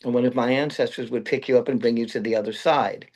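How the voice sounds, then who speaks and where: Brooklyn guy rambling through stories, mid-pitched voice, laughs at his own jokes. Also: fairly even intonation, fast talker, darkish tone. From Brooklyn, New York. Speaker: guest. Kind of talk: interview conversation.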